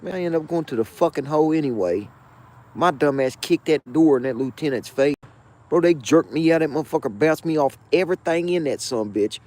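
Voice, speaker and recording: A man hosting his own show, telling a jail story in a profane, slangy, animated way with frequent asides. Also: fairly high pitch, brisk. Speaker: show host. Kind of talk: casual storytelling of a jail anecdote.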